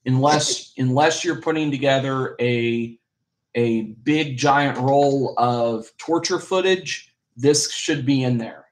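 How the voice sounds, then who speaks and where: A man co-hosting a casual movie review podcast. He talks in a blunt, emphatic way and lands his verdicts hard. His voice sits in an ordinary middle pitch for a man. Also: takes it slowly. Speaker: podcast co-host.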